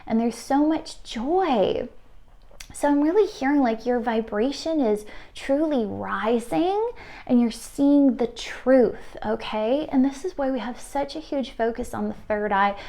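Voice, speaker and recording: Lady doing a pick-a-card reading, kinda high voice, gushy and laughing a lot. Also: a little slow, dark tone. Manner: gushing, breathy laughs, emotional. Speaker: tarot reader. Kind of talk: intuitive card reading to viewers.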